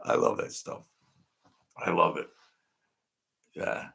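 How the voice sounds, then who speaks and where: A man hosting an unscripted live-stream chat, rambling and animated, laughing often as he talks. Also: slow pace. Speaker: channel host.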